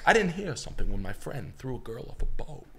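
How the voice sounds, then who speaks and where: A man doing a rough impression of a famous actor, with a halting, oddly stressed deadpan delivery. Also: mid-range voice, crowd noise.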